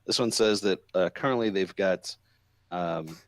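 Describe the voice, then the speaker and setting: Very deep-voiced laid-back man. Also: measured pace, no echo. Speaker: podcast co-host. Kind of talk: casual chat.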